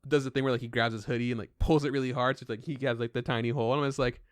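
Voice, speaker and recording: A man's voice: mid-range voice, fairly even intonation, racing, no room sound, studio quality. Rambling young man telling podcast stories. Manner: rambling storyteller, heavy use of "like" and quoted voices. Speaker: podcast co-host. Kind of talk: casual chat.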